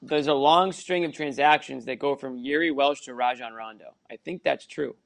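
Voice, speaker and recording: A man co-hosting a casual sports podcast, giving measured, opinionated takes. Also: mid-range voice, gravelly. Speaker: podcast co-host.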